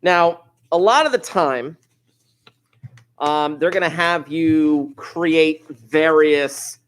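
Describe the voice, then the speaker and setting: A man teaching a high school statistics class, casual and offhand, who slows down and repeats key points for emphasis. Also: fairly bright tone, a little hiss or hum. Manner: informal, offhand asides. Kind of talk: classroom lecture.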